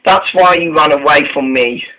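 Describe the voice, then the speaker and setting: A man voicing a worried male engine who keeps begging his friend to talk, in a raised pitch with a halting, repetitive delivery. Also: pushed and bright, low-quality recording. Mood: pleading. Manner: pleading, repeats himself.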